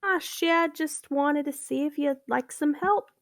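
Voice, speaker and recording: A woman's voice: high voice, unhurried, pitched above the performer's own voice. A woman voicing a laid-back male soldier with a put-on drawl, in a tabletop game. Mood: casual. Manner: casual, offhand.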